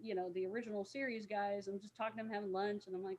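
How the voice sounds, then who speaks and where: Rambling, excitable woman telling stories. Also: on the high side, very fast. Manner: rambling anecdotes, many fillers, laughs often. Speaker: podcast guest, cosplayer. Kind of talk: casual storytelling chat.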